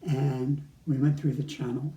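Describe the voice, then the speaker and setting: A man's voice: medium pitch, fairly even intonation, measured pace, mellow. An older man casually recounting travel memories, rambling with frequent restarts and chuckles. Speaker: storyteller. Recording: echoey room.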